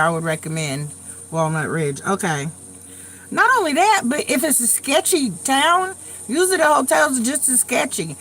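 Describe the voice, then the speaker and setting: A woman in her late forties chats on a live stream with a fairly high voice that swings widely up and down. She talks bluntly and swears freely, telling stories with a lot of drive. She is getting over a cold and coughs now and then. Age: late 40s. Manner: blunt, profane, animated storytelling. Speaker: tarot reader hosting a live stream. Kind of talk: casual live chat.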